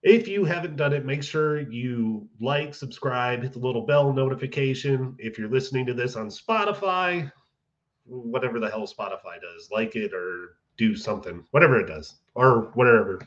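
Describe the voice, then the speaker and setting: A man's voice: medium pitch, animated, moderate pace, a bit bright, highs cut off. A man hosting a podcast in a laid-back, joking way. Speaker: podcast host. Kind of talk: casual podcast chat.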